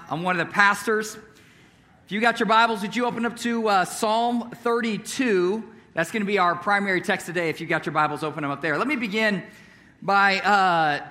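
A young male pastor with a high, bright voice, preaching at a church service. He talks casually and conversationally, full of fillers and little chuckles as he tells a story. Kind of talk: sermon with prayer and personal story.

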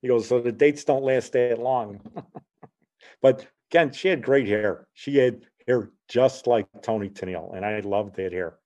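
Speaking at a measured pace in a mellow, medium-pitched voice, a man in his sixties hosts a podcast. His casual talk drifts into long, rambling stories, with past conversations recounted through "he goes."

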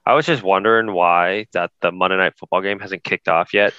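A man hosting a casual sports podcast, brisk and steering the talk. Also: sits low, fairly even intonation, sharp tone, clear, resonant tone, no room sound, muffled recording. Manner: brisk, steers the show, laughs often. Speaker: podcast host. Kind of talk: casual chat.

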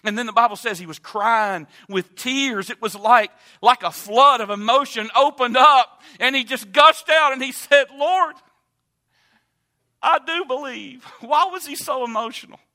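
A man preaching a sermon in a church, moving from quiet teaching to loud, impassioned appeals. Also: measured pace. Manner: builds from low calm to loud impassioned preaching. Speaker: pastor. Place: church sanctuary.

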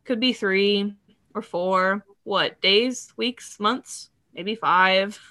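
A woman's voice: mid-range voice, pushed and bright, no room sound. A woman in casual chat who reads out funny quotes from a TV show and laughs often. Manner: laughs often, reads lines in quick bursts.

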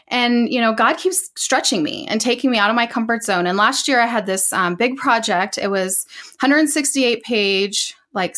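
A woman with a slightly raised pitch speaks in an earnest, emotional way. She repeats phrases for emphasis and talks through her experiences in a relaxed conversational tone. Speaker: author and entrepreneur. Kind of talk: casual faith conversation.

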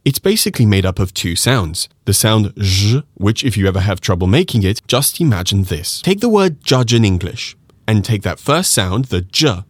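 Male podcast teacher; low, animated delivery, methodical and encouraging, dry close recording. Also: no room sound. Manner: methodical, encouraging, demonstrates sounds slowly. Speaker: French pronunciation teacher. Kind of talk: podcast lesson.

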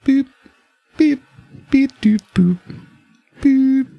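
A puzzled spaceship crewman with a gravelly, low voice, as a man plays him. The sound is dry and close to the mic. He talks in a flat, deadpan way. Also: unhurried, no room sound, dull audio, soft background music, full character voice. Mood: bemused.

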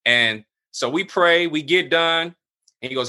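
A middle-aged man, a pastor, telling a personal story in casual conversation, full of fillers and acting out other people's lines in a raised voice. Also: a little slow. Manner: animated, acts out quoted voices at higher pitch.

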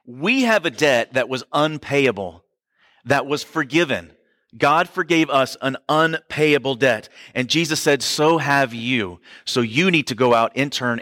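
A man delivers a sermon in an easygoing, conversational way, turning often to the congregation with quick asides. His voice is bright and forceful at a middle pitch. The sound is dry and close, with no room echo. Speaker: pastor.

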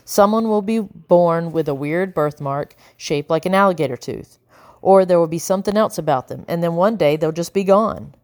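A woman voicing a nervous, secretive boy who speaks in hushed, pleading tones. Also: on the low side, normal speed, no room sound, clean studio sound, close to an everyday voice.

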